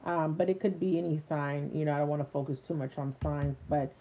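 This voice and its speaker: A woman's voice: low voice, steady tone, a little fast, a little hiss or hum. A woman giving a live tarot reading to her viewers, chatty with many fillers, speaking into a phone set a little way off. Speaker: tarot reader. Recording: tinny phone-like sound.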